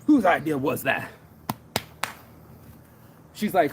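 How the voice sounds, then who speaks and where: A middle-aged man hosting a morning motivation show, talking fast and profane, calling everyone "bro". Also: fairly high pitch, a little hiss or hum. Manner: profane, energetic, says "bro" a lot. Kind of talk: fired-up casual motivational rant.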